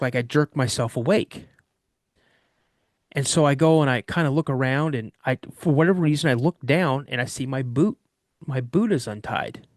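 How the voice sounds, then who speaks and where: A man casually recounting a story from his childhood in first person, animated and vivid, often restarting mid-sentence. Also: medium pitch, dry recording, studio quality. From Washington state. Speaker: guest telling an encounter story.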